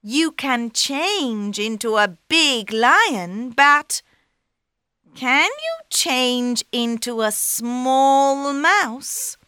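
A woman voicing a clever male talking cat in a storybook, high-pitched and excitable. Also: very slow, smooth, no echo, clean studio sound, heavily acted. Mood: eager. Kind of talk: storybook reading.

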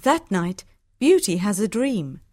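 A woman narrates a storybook in a clear, measured way. Her pace is slow and her pitch sits in the middle. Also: big pitch swings, a little mellow, no echo, clean studio sound.

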